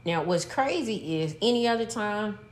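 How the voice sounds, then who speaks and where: A middle-aged woman telling a story in casual chat, animated and profane, breaking into laughter. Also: mid-range voice, normal speed. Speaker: podcast co-host, mother.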